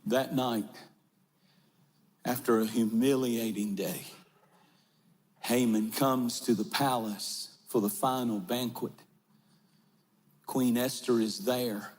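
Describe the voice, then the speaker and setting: A man preaching a sermon to a large church congregation, impassioned, retelling a story and shouting at the peaks. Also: medium pitch, fairly even intonation, slow pace, pauses often, long reverb tail. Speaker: pastor.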